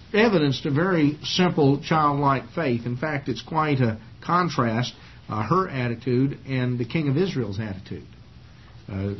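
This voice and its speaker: A man's voice: medium pitch, slight background noise. A man teaching a Bible study in a casual, folksy way, retelling the story with many uhs and you-knows. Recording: slightly muffled old recording.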